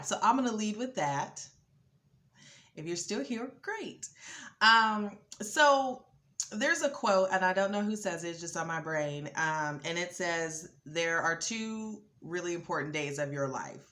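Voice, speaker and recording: A woman hosting her own channel, talking casually to camera with many ums and a building excitement. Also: low-pitched. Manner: relaxed, lots of ums, rising excitement. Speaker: vlogger host.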